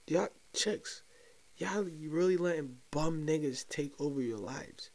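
A man's voice: fairly high pitch, slow pace, a little mellow. A young man hosting a solo podcast, ranting loosely and profanely and talking straight to his listeners as if sharing a secret. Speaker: podcast host. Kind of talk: casual solo podcast rant.

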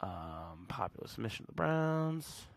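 A man's voice: fairly low pitch, sing-song, normal speed, vocal fry, dry recording. A man hosting a solo podcast in a casual, slangy way, reading facts aloud and reacting with blunt verdicts. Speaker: podcast host.

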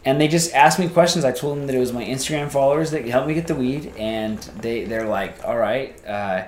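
A man telling a casual story as a podcast guest, rambling and animated, acting out the voices of people he quotes. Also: mid-range voice, a little fast, roomy sound.

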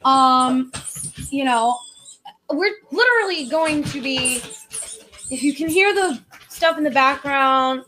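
A high-pitched woman hosts a casual podcast chat. She is chatty and enthusiastic and laughs easily as she talks with her co-host. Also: lively intonation, takes it slowly, sharp tone, slight background noise.

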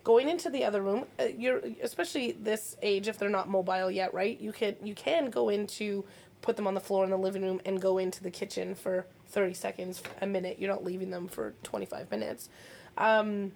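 A woman parenting coach chatting casually, lively and acting out the voices of parents and babies. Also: mid-range voice, a little fast, vocal fry. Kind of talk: casual podcast chat.

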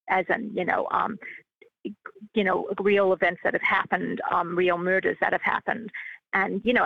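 A woman's voice: medium pitch, creaky, no room sound, lo-fi sound. A woman being interviewed, answering hesitantly with many fillers and restarts. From Australia. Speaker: filmmaker and actress guest.

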